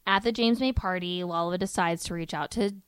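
A woman's voice: lowish voice, brisk, clear, resonant tone, no room sound. A young woman co-hosting a casual podcast chat, recapping a reality show in an exasperated, storytelling way with plenty of fillers. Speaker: podcast co-host.

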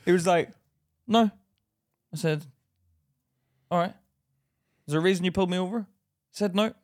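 A man co-hosting a podcast, telling rants in an animated, profane way in casual chat. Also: high voice, normal speed. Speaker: podcast co-host.

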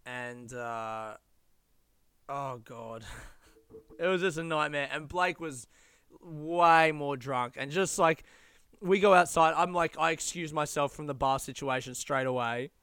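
A young Australian man telling stories in a casual monologue, animated, laughing and swearing as he goes. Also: a little high, a little slow, clear, resonant tone, no room sound, studio quality.

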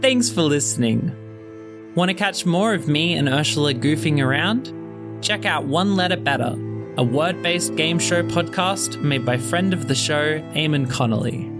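A man's voice: fairly high pitch, normal speed. Game master man narrating over music. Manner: descriptive, relaxed storytelling. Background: background music.

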